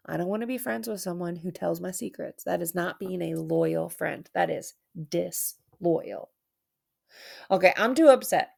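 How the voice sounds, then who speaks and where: A woman's voice: on the low side, gravelly, a little mellow. A woman teacher giving an online reading lesson for children, playful and theatrical, with dramatic mock sadness.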